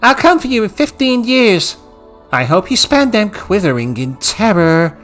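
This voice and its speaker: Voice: medium pitch, very animated, a little slow, fairly bright tone, faint music behind, voice pushed up. A streamer voicing a vengeful little girl from a visual novel, using a cutesy voice that turns venomous. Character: vengeful little girl, sweet voice full of hatred. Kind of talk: reading a visual novel aloud.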